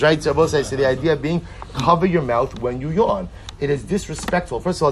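A man's voice: on the high side, a little hiss or hum. A man teaching a text study lesson. He reads passages aloud, explains them line by line, and asks rhetorical questions. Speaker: Talmud teacher.

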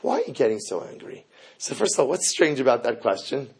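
A man giving a lively Torah class, asking rhetorical questions and mixing in Hebrew terms. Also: medium pitch, a little fast, breathy edge. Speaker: rabbi teaching Torah.

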